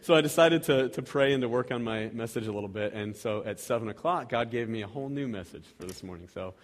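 A man in his thirties or forties preaches in a relaxed, self-deprecating way, often restarting his sentences and chuckling at his own stories. His voice sits at an ordinary middle pitch for a man. The sound carries the long reverb of a church sanctuary. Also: quick pace. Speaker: lay preacher. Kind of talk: casual sermon with prayer.

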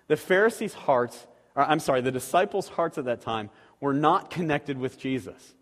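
A man's voice: mid-range voice, animated, moderate pace, few pauses. A man preaching a sermon as a pastor, talking conversationally with rhetorical questions to the congregation. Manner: acts out quoted voices animatedly. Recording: long reverb of a large hall.

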